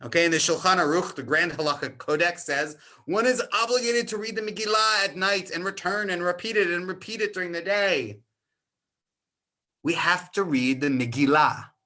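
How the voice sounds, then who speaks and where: A man with a bright, forceful voice that sits a little high, teaching a Torah class to a group. He retells the story in a loose, animated way and slips into quick casual voices for each character. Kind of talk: lively informal Torah class.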